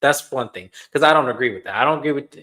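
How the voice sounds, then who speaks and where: A man recapping a reality TV episode in casual commentary, animated, acting out quotes and swearing freely. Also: mid-range voice, quick pace. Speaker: reality TV reviewer.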